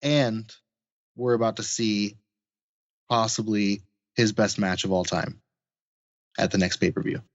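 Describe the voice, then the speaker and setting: A man's voice: on the low side, fairly even intonation, a little slow, pauses often, dry recording, dull audio. A man co-hosting a podcast, recapping in a laid-back, chuckling way. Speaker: podcast co-host. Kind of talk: casual chat.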